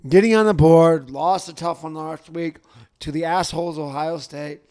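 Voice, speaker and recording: Casual sports co-host, male, higher-pitched, excitable and jokey, volume up and down. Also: normal speed, smooth. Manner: excitable, jokey, swings between loud and mumbled. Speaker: podcast co-host.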